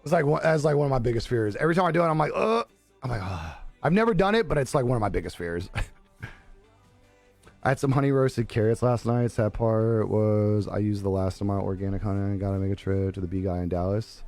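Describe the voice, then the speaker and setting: A man's voice: lowish voice, fast talker, a little mellow. A young man live streaming, chatting casually with his viewers, laughing often and swearing easily. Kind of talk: casual chat reading viewer comments. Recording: dry close sound with faint music behind.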